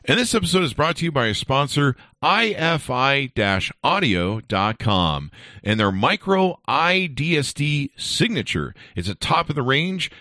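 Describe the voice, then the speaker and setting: Male podcast host, animated delivery, jokey and self-mocking, dry studio sound. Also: mid-range voice, a little slow, dry recording. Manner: jokey, self-deprecating, stumbles over names. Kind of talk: podcast interview with sponsor reads. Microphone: studio microphone.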